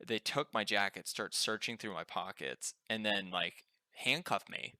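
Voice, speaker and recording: A man's voice: fairly low pitch, measured pace, dry recording, clean studio sound. Brash young man telling a story. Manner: profane, animated storyteller with many "like" fillers. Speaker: podcast co-host. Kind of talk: casual storytelling chat.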